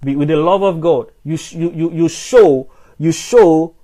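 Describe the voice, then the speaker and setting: A man delivering a sermon to viewers, his voice sitting a little high for a man. He presses his points with repeated rhetorical questions and often restarts mid-phrase, repeating words as he goes. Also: unhurried, mellow. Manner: repetitive, emphatic rhetorical questions. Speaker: preacher. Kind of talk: live-streamed sermon answering comments.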